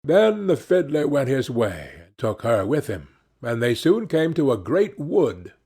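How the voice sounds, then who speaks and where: A man reads a fairy tale aloud in a measured, expressive way. His voice is gravelly and husky. He reads slowly, with a lively swing in pitch. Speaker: audiobook narrator. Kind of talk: scripted narration.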